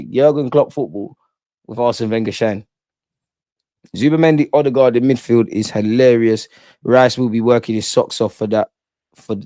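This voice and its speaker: A man's voice: medium pitch, no room sound. Slangy man hosting a football stream. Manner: slangy, animated, says "man" a lot. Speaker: football channel host. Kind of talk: casual live-stream chat.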